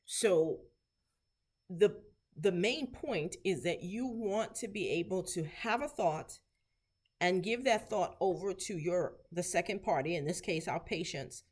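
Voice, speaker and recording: A woman therapy clinician giving an instructional lesson, patiently repeating short phrases slowly so learners can practice. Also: on the low side, breathy edge. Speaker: therapy clinician teaching Spanish.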